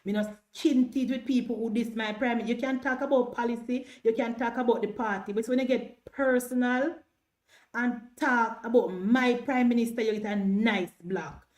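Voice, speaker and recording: A Jamaican woman with a fairly high voice hosts a political livestream, talking straight to her viewers. She is defiant and repeats herself for emphasis in broad Patois. She speaks in a loose, animated way. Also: moderate pace. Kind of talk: casual political livestream talk.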